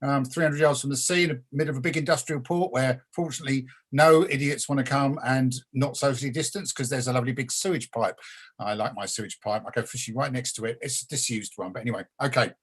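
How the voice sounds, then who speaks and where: A man's voice: medium pitch, fast, a bit bright, slightly rough. A man in his sixties, a punk poet chatting bluntly and chanting a sweary comic rap over a video call. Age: 60s. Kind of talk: ranting comic rap poem and chat.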